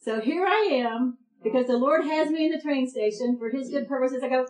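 A middle-aged woman preaching to women, telling a story with lively acted-out dialogue. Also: high voice, brisk, roomy sound, poor audio. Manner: animated storytelling with quoted dialogue. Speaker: women's ministry speaker.

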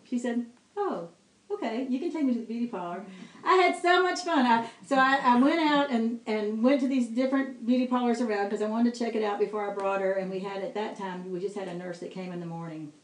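A middle-aged woman giving a devotional talk, telling a personal story with lively quoted dialogue and laughing asides. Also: a little high, fairly quick. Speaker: speaker sharing testimony. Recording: echoey room with faint ambience.

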